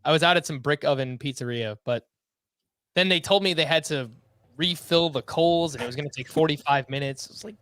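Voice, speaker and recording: A man hosts a fantasy baseball podcast and runs the segments in upbeat, quick banter. His voice is a little higher than most men's. The sound is close and dry. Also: a bit bright, no echo. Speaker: podcast host. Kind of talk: casual podcast chat.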